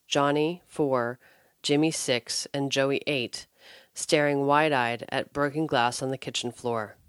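A woman reading a short example scenario aloud in an even storytelling manner. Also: rumbling low, clear, resonant tone, no room sound, clean studio sound. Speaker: story reader.

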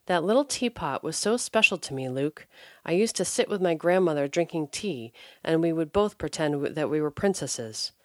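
A woman's voice: sits low, lively intonation, normal speed, no room sound, clean studio sound. A woman reading as an upset mother of three. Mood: regretful. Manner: cries out, then turns soft and regretful.

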